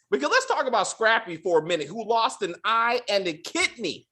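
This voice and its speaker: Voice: medium pitch, sing-song, a little fast, hardly any pauses, sharp tone. Podcast host ranting about a show, swearing a lot, voice bouncing all over. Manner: profane, exasperated ranting with acted-out quotes. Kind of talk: casual TV review chat.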